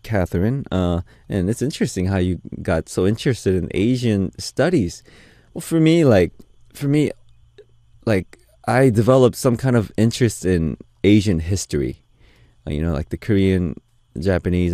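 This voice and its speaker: A man's voice: fairly low pitch, warm tone, dry recording, studio quality. A man hosting a radio music show, reading listener messages aloud and answering them with playful, teasing asides. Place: radio studio. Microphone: studio mic.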